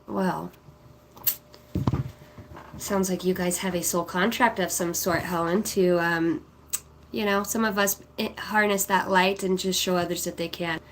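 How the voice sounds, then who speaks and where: A woman's voice: lowish voice, steady tone, unhurried, long pauses, slight background noise. Chatty woman reading a livestream. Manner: chatty, affectionate, reads viewer names aloud. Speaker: psychic card reader on a livestream. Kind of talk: casual livestream chat reading comments.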